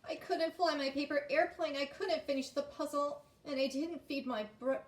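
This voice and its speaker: A woman voicing an excitable little girl who gets frustrated easily, speaking high and eager in a storybook read-aloud. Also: moderate pace, roomy sound, far from the mic, natural voice. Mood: upset.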